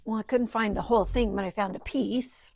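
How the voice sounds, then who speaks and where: A woman chatting casually as she walks through her handmade journal work, thinking aloud, rambling and drifting into soft murmurs at her craft table. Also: mid-range voice, fairly even intonation, fairly quick, vocal fry, slight background noise. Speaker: journal maker. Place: home craft table beside a sewing machine.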